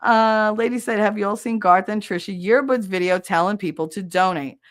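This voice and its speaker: A woman's voice: mid-range voice, fairly quick, no room sound, studio quality. A woman in her fifties with a New Jersey accent, hosting a podcast and telling stories in a casual, blunt and profane way, acting out both sides of a conversation. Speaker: podcast host. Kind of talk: casual storytelling chat.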